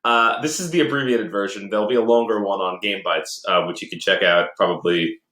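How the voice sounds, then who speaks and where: A man's voice: lowish voice, fairly quick, bright, forceful tone. Rambling podcast man in an echoey room. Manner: rambling storyteller, many fillers and restarts, laughs often. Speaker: podcast co-host. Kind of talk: casual chat about games and movies. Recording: roomy echoey home recording.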